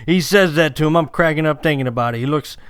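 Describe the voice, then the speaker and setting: A man's voice: fairly high pitch, fast talker, smooth, no echo, natural voice. A man putting on the voice of a drawling Elvis-style rock-and-roll king who spins absurd rambling tall tales, sprinkling "man" and "boy" everywhere. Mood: nostalgic. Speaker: comedy sketch performer.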